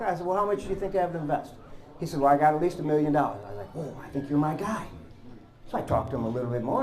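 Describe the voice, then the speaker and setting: A man with a high voice tells a story to an audience and slips into the other people's lines as he goes. The delivery is animated and conversational, like a speaker recounting his own past on stage. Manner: animated, acts out both sides of phone calls. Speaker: public speaker. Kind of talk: storytelling presentation.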